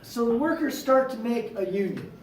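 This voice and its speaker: A male teacher giving an animated, slangy classroom lecture, acting out little scenes with his students. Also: very high-pitched, normal speed, a little hiss or hum. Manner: animated, slangy, acts out quotes. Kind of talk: classroom lecture with role-play. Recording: echoey classroom from far off.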